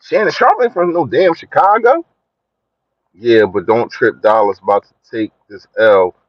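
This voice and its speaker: A young man chatting casually on a sports live stream, slangy and shouting out his viewers. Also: unhurried, no room sound. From Philadelphia. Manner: slangy, shouts out viewers, lively swings in pitch. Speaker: sports vlogger. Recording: dry, dull lo-fi phone audio.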